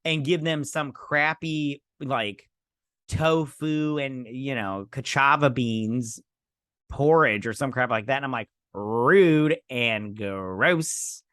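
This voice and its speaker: A man's voice: mid-range voice, steady tone, slow pace, fairly bright tone, no echo, studio quality. A man hosting a casual show recap, sarcastic and rambling, often quoting characters in voices. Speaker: host.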